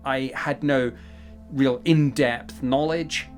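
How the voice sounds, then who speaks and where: A man's voice: medium pitch, steady tone, slow, soft background music. A man, a former defence official, speaking in a composed, articulate way. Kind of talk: interview talk.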